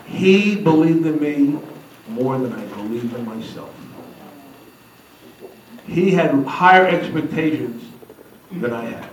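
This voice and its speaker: A man giving a humorous storytelling speech at a convention, animated and acting out the people he quotes. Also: a little high, a little hiss or hum. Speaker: speaker at a convention. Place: large hall. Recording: echoey hall from a distance.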